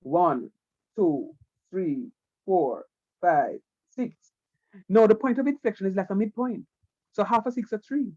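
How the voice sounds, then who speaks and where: A high-voiced man teaches a math lesson over an online call. His tone is mellow and coaxing, and he keeps circling back to the same point. The sound is dull and lo-fi, like a computer mic. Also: expressive, measured pace, long pauses. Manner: repetitive, coaxing, keeps saying "watch me". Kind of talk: online class lecture.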